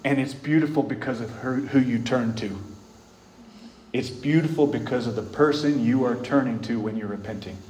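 A man preaching a sermon, retelling scripture stories in an earnest way, rising loud and bold, then dropping soft and slow. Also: mid-range voice, a little hiss or hum. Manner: earnest storytelling, swings between loud bold stretches and soft slow ones. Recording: echoey room with faint ambience.

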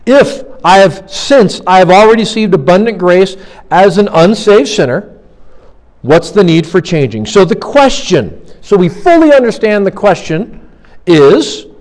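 A man preaching a sermon in an earnest tone. His voice sits a little higher than most men's. He keeps posing questions to the congregation and then answering them himself. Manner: earnest, asks many rhetorical questions. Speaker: pastor.

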